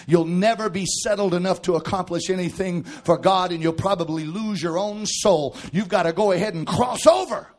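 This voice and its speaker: A man preaching a fervent sermon in church, calling out to the congregation and shouting with rising intensity. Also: sits high, moderate pace, hardly any pauses.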